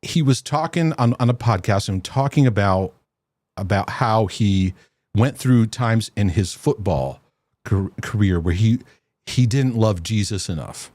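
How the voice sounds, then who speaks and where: A man hosting a casual talk show with his wife, animated, often repeating words and restarting. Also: fairly low pitch, unhurried, dry recording. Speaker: host.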